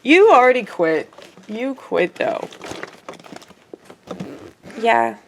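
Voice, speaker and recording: A woman chatting casually on her own video channel, rambling and laughing often, her voice swinging from loud asides to quiet murmurs. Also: on the high side, big pitch swings, very slow, creaky, a little hiss or hum. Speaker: YouTuber. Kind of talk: casual vlog chat.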